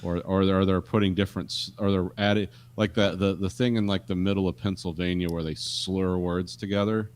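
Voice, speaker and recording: Deep voiced american dude chatting on a podcast, tells stories, swears a bit. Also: male voice, flat delivery, brisk, few pauses. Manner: storytelling, mimics other people's speech, swears casually. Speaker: podcast co-host. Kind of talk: casual chat.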